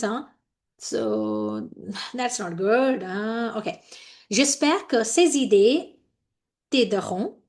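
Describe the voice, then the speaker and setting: Here is an Indian woman in middle age teaching a French lesson, her voice a little high. She explains each phrase slowly and firmly warns her students off common mistakes. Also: darkish tone. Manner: switches between French, English and Hindi, explaining each phrase; firm, scolding reminders about mistakes. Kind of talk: classroom lesson explaining a letter.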